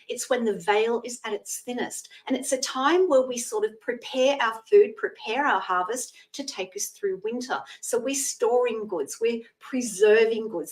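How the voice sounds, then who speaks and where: A woman's voice: fairly high pitch, distant mic, poor audio. A woman in her sixties hosting a live psychic reading show, chatty and thanking viewers by name as she explains old traditions.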